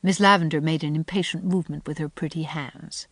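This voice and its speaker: A woman narrating a classic novel as an audiobook, in measured, gentle storytelling. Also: low-pitched, steady tone, dry recording. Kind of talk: scripted narration.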